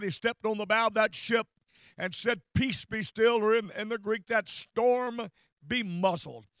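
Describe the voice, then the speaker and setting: A man preaching a fervent sermon, repeating phrases and rising to shouts. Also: high-pitched, no room sound.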